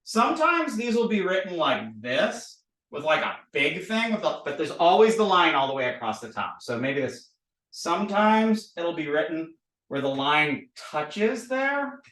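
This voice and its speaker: Lively male teacher, playful drill style, higher voice, recorded off-mic in an echoey room. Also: a little slow, far from the mic. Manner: playful, repetitive drilling, animated. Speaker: language teacher. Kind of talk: recorded lesson, drawing letters. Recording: roomy, a bit off-mic.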